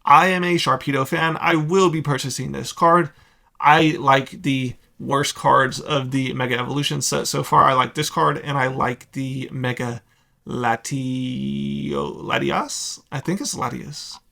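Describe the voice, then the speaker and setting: A man's voice: medium pitch, steady tone, gravelly, sharp tone. A young man hosting a card-collecting video, giving blunt, sarcastic market commentary in a casual, opinionated way. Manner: blunt, sarcastic, rapid asides.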